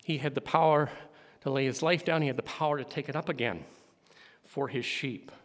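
A man preaching a sermon, building to loud emphatic climaxes. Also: mid-range voice, a little fast. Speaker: pastor. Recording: long hall reverb.

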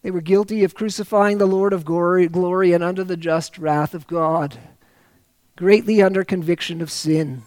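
A man preaching a sermon, reading scripture aloud and rising to loud, slowed emphasis on key phrases. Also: sits high, fairly even intonation, no room sound.

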